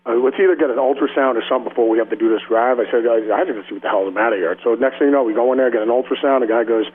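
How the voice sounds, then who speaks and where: Man, radio interview guest, rambling slangy storytelling, frequent laughter, mid-pitched voice, slightly muffled audio. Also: racing, slight background noise. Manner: rambling and slangy, laughs often, acts out the people in his stories. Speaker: rock guitarist guest.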